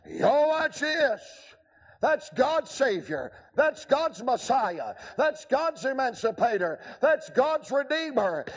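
A man preaching a revival sermon, emphatic and swinging from quick asides to long, drawn-out shouted lines. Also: very high voice.

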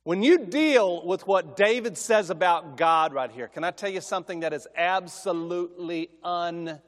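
A man's voice: high voice, normal speed. A middle-aged man preaching as a guest speaker, telling folksy family stories that build into emphatic preaching. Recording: long hall reverb.

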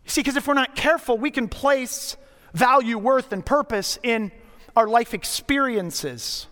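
A middle-aged man preaching a sermon as a pastor, telling stories in a conversational way with dramatic pauses. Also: very high voice, pushed and bright. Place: church sanctuary. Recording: long hall reverb.

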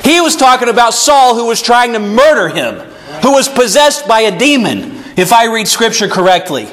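A man's voice: extremely high pitch, very animated, normal speed, fairly bright tone. A male pastor preaching an earnest sermon to his church and reading scripture aloud. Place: church sanctuary.

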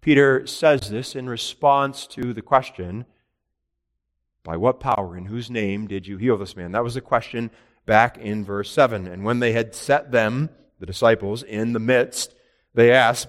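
Male preacher, mid pitch, expository sermon; swings between emphatic and hushed delivery. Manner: rises to emphatic peaks and drops to quiet; reads scripture in old-style wording, then explains.

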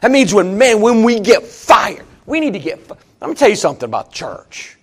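A pastor in middle age delivers a fired-up sermon. His voice sits very high for a man and leaps across a wide, lively range. He drops into quiet asides, then climbs into loud, emphatic refrains. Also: brisk, slightly rough. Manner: emphatic preaching, swinging from hushed asides to shouted refrains.

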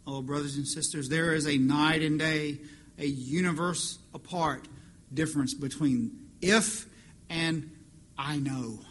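A man's voice: fairly high pitch, lively intonation, measured pace, fairly bright tone. A man preaching a sermon as pastor, impassioned and rising to emphatic peaks. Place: church fellowship hall.

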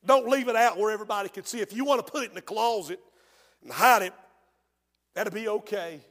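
An embarrassed teenage boy pleading softly with his mama, as a preacher acts him out in a high, light voice. His words ring out through the long echo of a church hall. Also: brisk.

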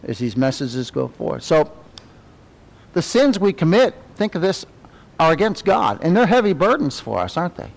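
A middle-aged man leads a Sunday school class in a church. His voice sits a little high, and he talks in an animated way, tossing tag questions at the class. On reverent words he drops to a soft, low murmur. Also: normal speed, vocal fry. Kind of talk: conversational Bible teaching.

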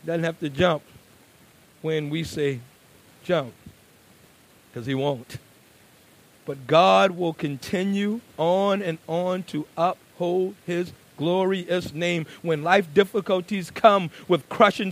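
A man preaching a sermon, moving between quiet, conversational asides and loud, emphatic declarations. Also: high-pitched, rough recording.

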